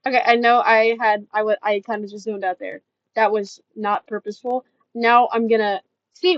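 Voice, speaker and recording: A woman's voice: fairly high pitch, no room sound, highs cut off. A woman from the northern United States, streaming casual reaction commentary, rambling and self-deprecating with lots of fillers and trailing asides.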